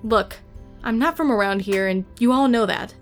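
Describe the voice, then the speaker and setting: A young outsider woman speaks candidly with a trace of awkwardness, voiced by a man. Music plays softly behind her. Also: sits high, normal speed, pitched above the performer's own voice. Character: wry young woman, an outsider ghost-assassin.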